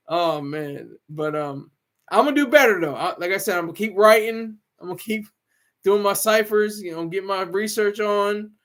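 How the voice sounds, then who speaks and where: High-pitched man, show regular, casual rambling chat with restarts. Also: a little slow, a bit bright. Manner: rambling, frequent restarts and laughs.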